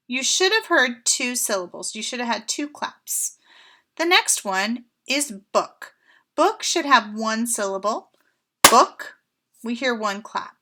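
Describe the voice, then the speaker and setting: A woman with a high, lively voice gives a remote lesson to young children. Her tone is bright and clear, and she speaks slowly and encouragingly, like a teacher. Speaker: first grade teacher.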